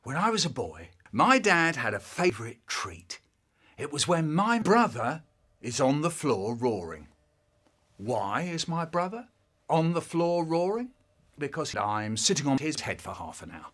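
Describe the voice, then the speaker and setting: Lively man telling a childhood tale. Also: on the high side, a little slow. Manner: animated, acting out voices. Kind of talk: comic storytelling.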